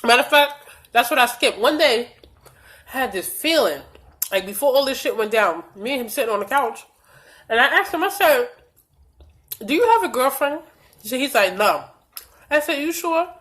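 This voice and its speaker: Woman, young adult, bright tone, slightly high voice, blunt and profane storytelling, stuffy nose. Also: animated, normal speed, pauses often. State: stuffy from allergies. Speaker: vlogger. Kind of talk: storytime vlog.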